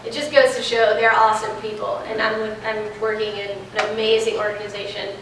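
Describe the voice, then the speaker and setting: A woman's voice: mid-range voice, flat delivery, fairly quick, fairly bright tone. A young woman, chatting animatedly as a guest speaker in a classroom Q&A, recorded from a distance in an echoey room. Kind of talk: classroom Q&A talk. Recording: echoey room from afar, faint noise.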